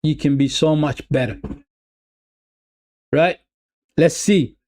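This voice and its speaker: A man's voice: fairly high pitch, slow pace. A man streaming a live football watch-along, calling the play loosely, repeating lines and talking straight to his viewers. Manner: excitable, talks to viewers as "people".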